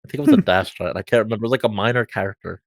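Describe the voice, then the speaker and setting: A man's voice: fairly low pitch, racing, gravelly, dry recording. A man, a guest voice narrator, chatting casually on a podcast and rambling with lots of fillers and restarts.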